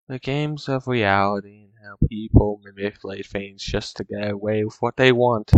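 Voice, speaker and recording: A man's voice: on the low side, fairly even intonation, moderate pace, few pauses, dry recording, poor audio. A man in a casual, rambling monologue, complaining in an exasperated way to his chat as a streamer.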